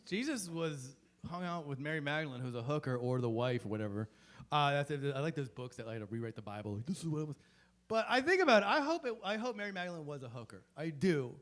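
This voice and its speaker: High-voiced male comic, rambling and profane, constantly breaking off mid-thought. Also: animated, quick pace, fairly bright tone. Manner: rambling, profane, self-interrupting. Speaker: stand-up comedian. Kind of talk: stand-up comedy set. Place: comedy club stage.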